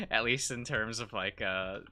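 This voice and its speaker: Brief: chatty man, unhurried, very bright tone, faint music behind. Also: medium pitch, wildly swooping pitch. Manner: rambling, giggly, chatty. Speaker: streamer. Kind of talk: casual chat while drawing on stream.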